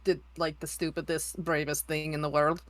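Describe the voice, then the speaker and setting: Lower-voiced woman player, blunt and teasing. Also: flat delivery, moderate pace, crowd noise. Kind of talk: casual tabletop role-play.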